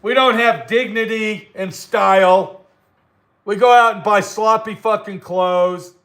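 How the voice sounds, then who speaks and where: A man's voice: high voice, slow, fairly bright tone. An older man ranting profanely to live-stream viewers from his workshop, answering their comments combatively. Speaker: livestream host. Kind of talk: angry live-stream rant.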